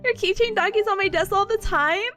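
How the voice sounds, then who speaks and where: A young woman streaming as a VTuber, chatting casually with her chat, giggly and bubbly, talking with a smile. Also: extremely high pitch.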